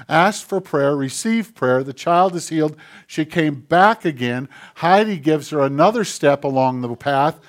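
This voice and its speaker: A man preaching a sermon, telling a story in a relaxed, conversational way with asides to the congregation. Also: mid-range voice. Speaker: pastor.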